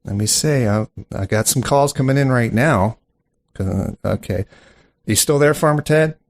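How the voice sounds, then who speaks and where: A man's voice: mid-range voice, normal speed. A man hosting a mock call-in comedy show, flustered and incredulous, stammering as he fields callers. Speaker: host of a comedy podcast.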